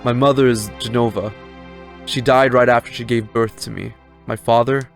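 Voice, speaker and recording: Guy reading out a cold calm swordsman from a game, level commanding voice, slight accent, music low behind. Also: moderate pace, vocal fry, close to an everyday voice. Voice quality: even, commanding delivery with a slight put-on accent. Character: cold, calm elite swordsman, adult man. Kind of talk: reading game dialogue aloud.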